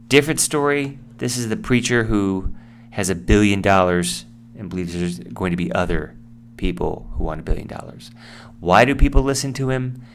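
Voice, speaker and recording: A man's voice: on the low side, slight background noise. A man giving a casual English vocabulary lesson, explaining words and acting out example sentences. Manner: explanatory, acts out example sentences in different voices. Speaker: English teacher.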